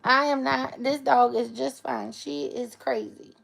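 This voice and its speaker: A woman's voice: high-pitched, fairly even intonation, measured pace, creaky, a bit bright, a little hiss or hum. A woman chatting on a live stream, playful and cooing at her pets in baby talk. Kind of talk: casual live-stream chat.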